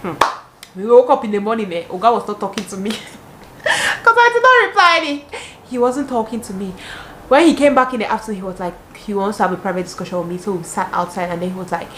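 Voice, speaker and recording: A young woman with a Cameroonian English accent, telling dating stories casually in an animated, dramatic way with exclamations. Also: medium pitch, fast talker, slight background noise. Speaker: vlogger. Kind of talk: casual storytelling. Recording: roomy echo, faint ambience.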